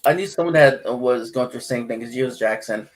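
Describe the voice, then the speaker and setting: A man's voice: medium pitch, fairly quick. A man hosting an interview, chatting casually with brief reactions. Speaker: host.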